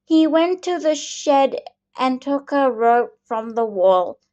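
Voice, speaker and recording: Woman, storybook reading, unhurried, slightly high voice, muffled lo-fi sound. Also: lively intonation, darkish tone. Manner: slow, patient reading with small slips and restarts. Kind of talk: reading a children's picture book aloud. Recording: dull lo-fi recording.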